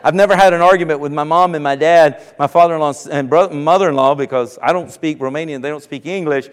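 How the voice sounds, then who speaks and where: Male pastor, high voice, animated preaching with humor, reverberant sanctuary. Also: fast talker, smooth. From South Carolina. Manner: animated, jokes with the congregation, rises to shouts. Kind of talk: sermon. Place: church sanctuary. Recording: long church hall reverb.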